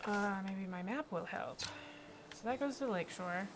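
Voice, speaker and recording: Gravelly-voiced woman streaming a game. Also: mid-range voice, lively intonation, fast, a little hiss or hum. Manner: chatty, talks to herself and the chat. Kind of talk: casual gameplay commentary. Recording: game music playing behind.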